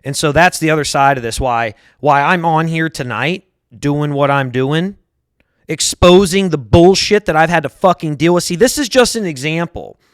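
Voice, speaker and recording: A man's voice: on the high side, no room sound, studio quality. A man in his thirties hosting his own show, venting in a heated, profane monologue and often repeating himself. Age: 30s. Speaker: show host. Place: lives in Harris County, Texas.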